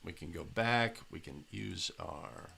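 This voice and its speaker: A man's voice: deep voice, slow, vocal fry, background noise. A man in a studio reviewing game video for basketball officials, speaking emphatically and tagging points with "right?". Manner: emphatic, coaching tone with frequent "right?". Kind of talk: video analysis commentary.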